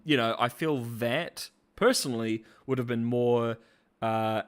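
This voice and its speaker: A man hosting a casual commentary vlog, rambling with slang, fillers and restarts. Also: mid-range voice. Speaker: host.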